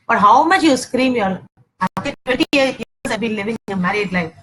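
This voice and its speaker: Woman, 40s, marriage teacher; talks in repeated, emphatic points, slips into acted quarrels; slightly high voice, light noise. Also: expressive, normal speed. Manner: repeats herself often, peppers talk with "okay", acts out domestic quarrels.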